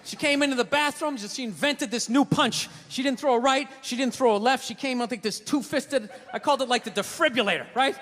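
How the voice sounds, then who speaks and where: A male stand-up comedian rants through a brash, profane story for a live audience on a comedy stage, recorded in a theater hall with the crowd present. His voice is extremely high-pitched and fairly bright, and he talks a little fast with hardly any pauses. A little hiss or hum is present.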